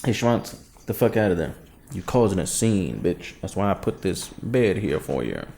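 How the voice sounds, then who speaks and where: A man's voice: low-pitched, sing-song, normal speed, vocal fry, darkish tone. A young man hosting his own web show from his living room, talking in a crude, self-mocking, rambling way. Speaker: host of a home web show. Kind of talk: casual rambling comedic monologue.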